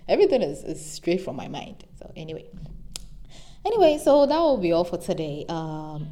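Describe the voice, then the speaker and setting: A young woman hosting a podcast, talking off the cuff and giving emphatic advice with animated storytelling. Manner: emphatic, animated storytelling with sudden high exclamations. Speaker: podcast host. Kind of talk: unscripted advice monologue.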